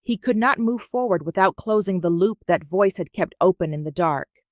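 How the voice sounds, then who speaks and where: A woman reads a dramatic romance story in a measured, even way. Her voice sits fairly low, and the recording is dry and close with no room sound. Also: no room sound. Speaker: narrator. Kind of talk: scripted story narration.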